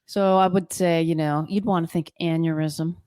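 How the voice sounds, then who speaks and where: A woman's voice: fairly low pitch, normal speed, clear, resonant tone, no echo, studio quality. A woman co-hosting a podcast, a physician who tells stories and guesses at diagnoses in casual chat. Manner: lively storyteller, guesses at diagnoses.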